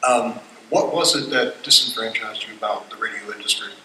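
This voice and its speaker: A man's voice: lowish voice, brisk, bright, forceful tone, a little hiss or hum. A man hosting a convention panel, asking friendly, admiring questions. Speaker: podcast host interviewer. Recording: roomy hall, voice from a distance.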